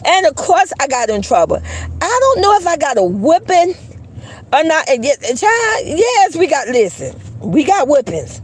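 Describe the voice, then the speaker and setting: A woman in her fifties tells stories to her livestream viewers, chatty and laughing often. Her voice sits high and swings widely in pitch. She keeps calling out to the viewers as she talks. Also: normal speed, slight background noise, poor audio. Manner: animated, chatty, laughs often, addresses viewers as "you guys". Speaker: YouTuber on a livestream. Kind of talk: casual livestream storytelling to viewers.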